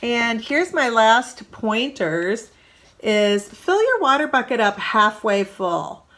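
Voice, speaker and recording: A woman art teacher talks to young students in a playful, lively classroom manner. Her voice sits a little high for a woman. It is recorded on a tablet or phone camera in a school art room. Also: slow. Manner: playful, animated teacherly delivery. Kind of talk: children's art lesson.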